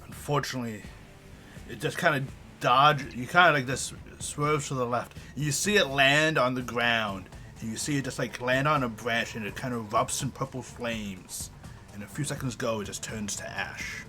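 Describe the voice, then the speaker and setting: A man's voice: mid-range voice, normal speed, sharp tone, soft background music. A man running a tabletop game as game master, narrating casually with plenty of "like" and "kinda". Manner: casual, full of fillers and restarts.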